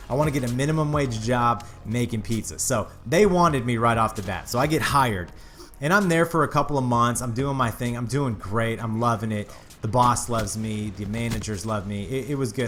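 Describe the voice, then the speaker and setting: A man's voice: mid-range voice, a bit bright. A man hosting his own channel, candidly telling a personal story to his viewers in a casual, earnest way. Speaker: YouTube channel host.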